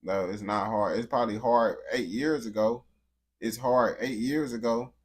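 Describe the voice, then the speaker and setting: He's a reaction video host whose medium-pitched voice moves at a moderate pace. His commentary is loose and full of slang, with "bro" and "gang" dropped constantly and sentences frequently restarted.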